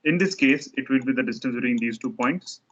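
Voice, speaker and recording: A man's voice: medium pitch, brisk, a bit bright, highs cut off. A man teaching a structures lecture, explaining step by step while he sketches diagrams, often restarting his sentences.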